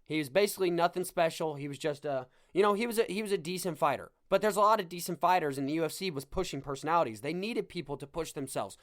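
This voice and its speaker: A man hosting a podcast, chatting casually about sports in an animated, rambling and joking way. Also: a little high, fast, few pauses. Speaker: podcast host.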